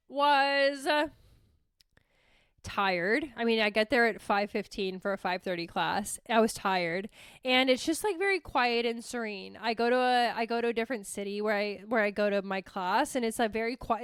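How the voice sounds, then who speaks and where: A young woman hosting a podcast, telling stories in a casual, animated, self-mocking way and swearing freely. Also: on the high side, clear, resonant tone, no room sound, clean studio sound. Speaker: podcast host. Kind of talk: casual storytelling monologue.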